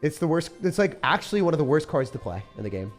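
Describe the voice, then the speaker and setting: A young man streaming a game live, reacting loudly and then mumbling low as he talks through decks. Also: fast talker. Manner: excitable, swings from shouting to low mumbling. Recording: faint music behind.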